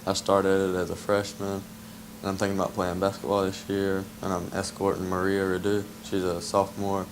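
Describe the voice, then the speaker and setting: A teenage boy, relaxed and mumbling slightly while chewing gum. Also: low voice, fairly quick, noisy background. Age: teens. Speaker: student guest.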